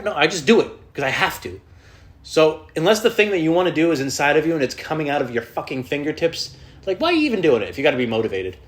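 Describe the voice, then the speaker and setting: Fast and full of big pitch swings, a medium-pitched man hosts a podcast alone, ranting loosely. He rambles, swears often and restarts his sentences along the way.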